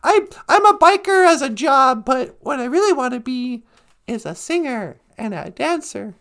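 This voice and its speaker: A big biker dude, as a male storyteller puts him on talks in an eager, friendly way, lifting his voice above the teller's own. Gravelly and high. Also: very animated, normal speed, a bit bright, exaggerated voice. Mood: confiding.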